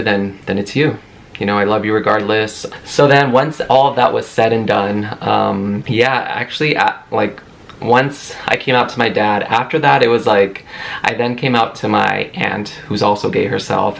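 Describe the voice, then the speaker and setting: A man's voice: lowish voice, a little hiss or hum. A man in his thirties candidly telling a personal story in a casual vlog, emotional and loose with swear words. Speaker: vlogger.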